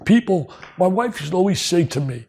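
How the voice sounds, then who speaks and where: An older man from New Jersey, telling stories as a guest in an interview, excitable and emphatic, repeating lines for punch. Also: sits high, fairly quick, creaky, husky. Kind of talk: storytelling interview.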